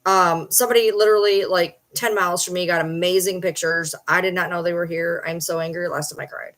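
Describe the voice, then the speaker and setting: A woman's voice: on the low side, steady tone, brisk, fairly bright tone. A woman chatting casually on a late-night livestream from home, blunt, rambling and swearing freely.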